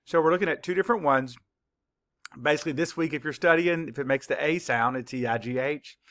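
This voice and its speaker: A man teaching a children's spelling lesson, spelling words slowly, letter by letter, with clear, patient instructions. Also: fairly high pitch, fairly bright tone. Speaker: third-grade teacher.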